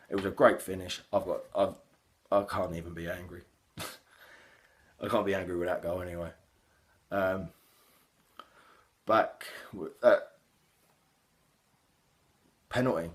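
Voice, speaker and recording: A young man gives a casual, sweary, rambling reaction to a football match he watched as a fan. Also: fairly low pitch. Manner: heavy swearing, animated, rambling with fillers.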